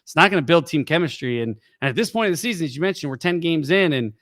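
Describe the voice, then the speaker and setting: A middle-aged man co-hosting a sports podcast in casual chat, an animated storyteller who jumps into high voices to act out quotes. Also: quick pace. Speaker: podcast co-host.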